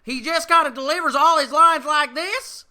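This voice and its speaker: This is a relentlessly cheery little boy, as a man mimics him in a high, bright voice. Every line comes out in the same sing-song, one-note positivity. It plays as a mocking cartoon impression, loud and pushed. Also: normal speed, full character voice. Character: relentlessly upbeat young boy, flat cheery delivery.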